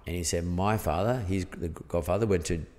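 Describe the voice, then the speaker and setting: A man's voice: deep voice, brisk, darkish tone, in a large hall. An Australian man, a podcast guest, telling a story in a rambling, casual way full of fillers. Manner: rambling, peppered with "blah, blah, blah" and fillers.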